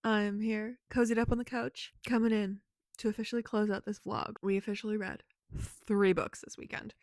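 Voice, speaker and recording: A woman's voice: mid-range voice, level tone, fairly quick, darkish tone, no room sound. Casual woman vlogger, easygoing and giggly, mid-range voice, dry room. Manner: chatty, laughs often, frequent "like". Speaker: book vlogger. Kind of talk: casual vlog chat. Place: home, on the couch.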